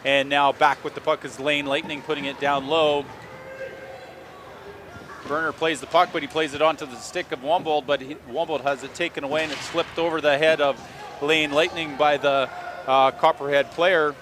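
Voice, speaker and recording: A man calling hockey play-by-play in a rapid running stream, with dry joking asides between plays. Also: fairly high pitch, steady tone, noisy background. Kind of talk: play-by-play sports commentary.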